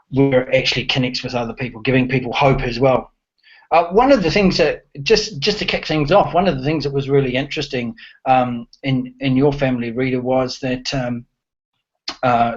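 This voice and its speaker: A man hosting an online interview show, friendly and hesitant, with many fillers. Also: medium pitch. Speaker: host. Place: New Zealand. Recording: dull lo-fi audio.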